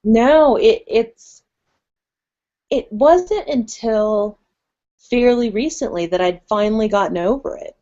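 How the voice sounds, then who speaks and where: A woman's voice: on the high side, slow pace, warm tone. Casting: young woman, open and talkative guest, filler-heavy storytelling, muffled lo-fi stream audio. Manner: candid, storytelling, uses "like" a lot. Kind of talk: casual chat.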